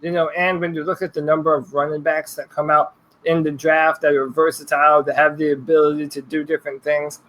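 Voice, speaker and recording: A man's voice: fairly high pitch, flat delivery, brisk, fairly bright tone, poor audio. A man co-hosting a casual sports podcast, giving blunt opinions in a laid-back way with some mild swearing. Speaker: podcast co-host.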